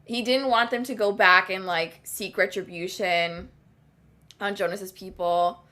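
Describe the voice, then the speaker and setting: A young woman with a bright, forceful tone co-hosts a casual podcast. She runs her sentences together with plenty of "like" fillers while she retells scenes from the show. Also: mid-range voice, steady tone, a little slow. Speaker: podcast co-host. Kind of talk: casual chat.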